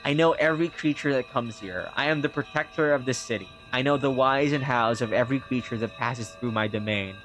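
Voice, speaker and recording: A towering iron automaton that guards its city speaks in a grating rumble, calm and lofty like a proud philosopher. A man reads the part out loud at a steady mid pitch, with faint music playing behind. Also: brisk, hardly any pauses, lightly acted.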